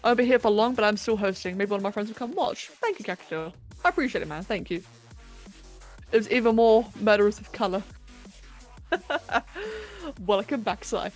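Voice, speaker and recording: A woman hosts a live sculpting stream in a relaxed, chatty way. She thinks aloud and pokes fun at herself, and her voice sits mid-range. Soft electronic music plays quietly underneath. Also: medium pitch, quick pace. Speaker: livestream host. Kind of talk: casual chat while sculpting live. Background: faint electronic music.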